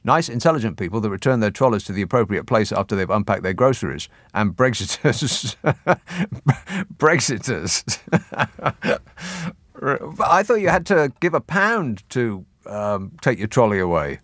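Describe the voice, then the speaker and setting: A man's voice: on the low side, sing-song, normal speed, a bit bright, no echo. A man hosting a radio phone-in, chatting wryly and laughing often, on a studio microphone. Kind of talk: casual radio phone-in chat.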